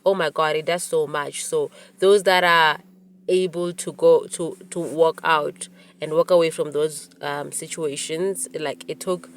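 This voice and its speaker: A woman in her forties hosting a podcast, telling a personal story in an animated way, with many restarts. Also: low voice, measured pace. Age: 40s. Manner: animated retelling with quoted dialogue, frequent restarts. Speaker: podcast host. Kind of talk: storytelling monologue.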